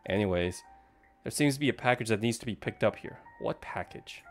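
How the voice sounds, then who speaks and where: A man's voice: fairly low pitch, quick pace, soft background music. A man streaming a game, chatting to viewers and reacting to what happens on screen. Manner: chatty, talks to chat and game characters, startles easily. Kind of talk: live game stream commentary.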